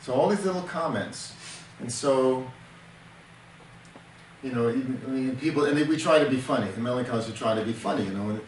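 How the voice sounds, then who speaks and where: An older male counselor who works on temperament gives an earnest teaching talk, explaining with everyday examples and often restarting his sentences. His voice is mid-range and brisk. The recording sounds distant and echoey, with faint background noise.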